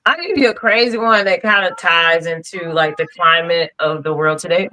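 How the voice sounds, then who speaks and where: Young female guest, bright clear voice, lively storyteller. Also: lowish voice, moderate pace, rough recording. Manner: animated storyteller, laughs through her stories. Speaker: podcast guest, singer. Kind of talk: casual chat.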